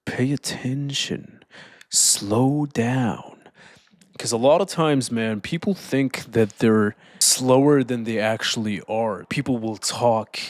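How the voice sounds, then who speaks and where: A man giving a casual motivational talk, calm and deliberate, slowing down to stress points and often saying "man". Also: medium pitch, no echo. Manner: calm, deliberate, slows down for emphasis. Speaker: self-improvement speaker.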